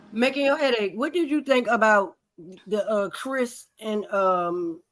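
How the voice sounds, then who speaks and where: Bright, blunt woman swearing freely. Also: medium pitch, takes it slowly, no room sound, rough recording. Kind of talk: casual chat.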